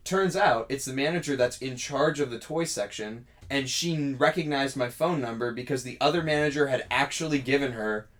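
A man's voice: mid-range voice, brisk, hardly any pauses, a bit bright. Young male podcast co-host, casual storyteller, voices the people he quotes. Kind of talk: casual chat.

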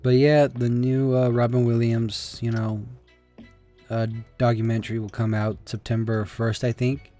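A man's voice: mid-range voice, little pitch movement, a little slow, mellow, faint music behind. A man hosting a casual solo talk show, rambling with restarts and swearing.

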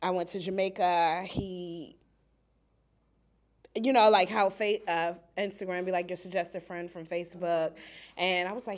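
A woman telling a personal story in a small group, animated and laughing as she acts out quoted lines. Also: mid-range voice, normal speed. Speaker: group participant. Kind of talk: casual storytelling. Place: small indoor group setting.

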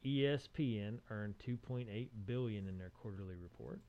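A man's voice: medium pitch, moderate pace, a little hiss or hum. A man co-hosting a casual tech podcast, cracking teasing jokes between news items. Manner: jokey, teasing banter. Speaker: podcast co-host. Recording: dull lo-fi sound.

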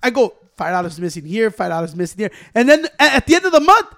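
A man co-hosting a podcast, a rambling, animated storyteller who mixes English and Spanish. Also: high-pitched, quick pace, no room sound, studio quality. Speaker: podcast co-host. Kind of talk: casual chat, switching between English and Spanish. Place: small room, podcast recording.

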